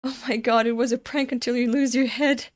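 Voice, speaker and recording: A woman from Europe hosting a casual comic reaction, excitable and prone to giggling fits. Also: a little high, fairly quick. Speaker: manga reaction host.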